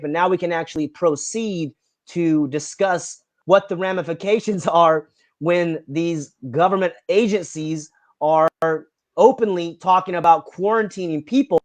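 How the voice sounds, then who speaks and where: A man with a fairly high voice speaks as a guest on a podcast. His talk is earnest and passionate, rambling from one idea to the next in a casual, conversational way. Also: dry recording.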